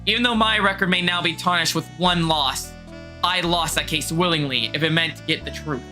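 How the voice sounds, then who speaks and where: A woman voicing a brooding, smug male prosecutor while reading a visual novel on stream, speaking in slow, low pronouncements. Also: bright, forceful tone, soft background music. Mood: solemn.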